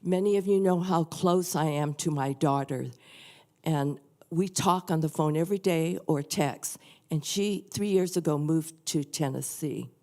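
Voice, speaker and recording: An older woman shares a personal testimony before a church congregation. She speaks slowly in a low, mellow voice that is earnest and softly confiding. Her unhurried delivery suits the quiet setting. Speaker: church member sharing a testimony. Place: church sanctuary.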